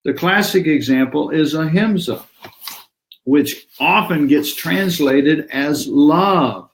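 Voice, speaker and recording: A man teaching yoga philosophy in a relaxed conversational way, acting out little dialogues as he explains. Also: fairly high pitch, slow pace, creaky. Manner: animated, acts out little dialogues.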